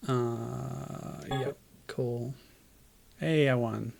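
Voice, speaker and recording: A man's voice: mid-range voice, fairly even intonation, drawn-out words, vocal fry, music in the background. A tired man in casual gameplay commentary, making wry, dry jokes and chuckling at the game. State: tired, low energy. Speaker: streamer.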